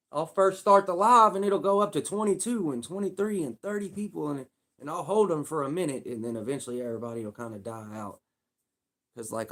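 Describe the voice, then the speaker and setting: Rambling streetwise Kentucky man livestreaming. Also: mid-range voice. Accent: Louisville, Kentucky. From Louisville, Kentucky. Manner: rambling, repetitive, streetwise slang. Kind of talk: casual livestream chat.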